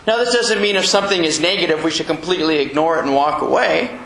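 High-voiced gravelly preacher in an echoey room. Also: male voice, quick pace. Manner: animated, acts out quotes with chuckles. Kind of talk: sermon. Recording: echoey room with faint noise.

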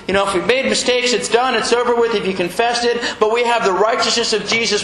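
A man preaching a sermon in a church, animated and chuckling as he acts out little quotes. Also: high voice, gravelly. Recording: echoey room with faint noise.

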